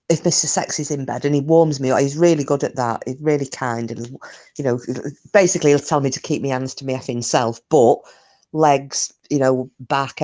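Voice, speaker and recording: A woman's voice: very deep voice, dark tone. A woman chatting casually on a live stream, rambling through stories, answering comments and swearing mildly.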